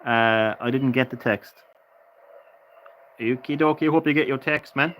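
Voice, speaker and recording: A man's voice: medium pitch, unhurried, muffled recording. A worn-out man streams a game from his home setup and talks straight to his chat. He laughs often and swears casually while he plays. A faint hiss sits under his voice. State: tired. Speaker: gaming live streamer. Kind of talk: casual live-stream commentary.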